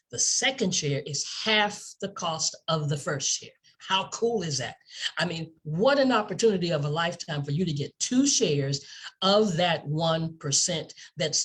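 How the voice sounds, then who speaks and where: A woman's voice: sits low, fairly bright tone, breathy edge. A woman giving an enthusiastic sales presentation, asking the listener rhetorical questions and repeating words for emphasis. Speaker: company presenter.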